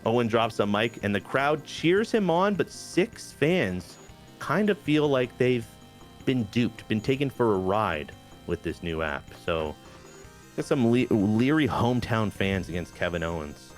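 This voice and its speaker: A man's voice: medium pitch, big pitch swings, unhurried, soft background music. A man hosting a game playthrough, narrating the story in a hyped, playful way. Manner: hyped, playful, says "baby" a lot. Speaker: host. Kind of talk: casual game commentary.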